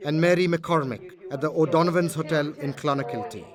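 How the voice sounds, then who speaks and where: A middle-aged man from India, narrating a documentary in a measured, deliberate way. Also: a little high, crowd noise.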